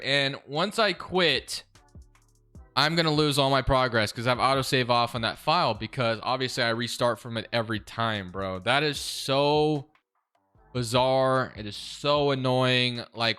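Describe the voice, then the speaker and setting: A man's voice: sits high, bright, forceful tone. A young man hosting his gaming channel, giving casual, sarcastic commentary over gameplay from a desk mic at home. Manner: casual, exasperated, sarcastic about the game. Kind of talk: video game commentary.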